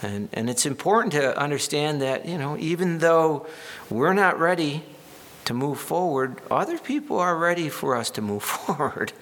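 A man's voice: on the high side, animated, moderate pace, fairly bright tone, a little hiss or hum. Conversational male preacher, wry asides. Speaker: pastor. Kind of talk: sermon.

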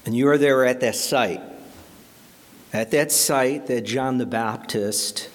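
Man preaching a sermon slowly, earnest, mid-pitched, storytelling vibe. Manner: earnest, dramatic storytelling with prayerful pauses. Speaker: pastor.

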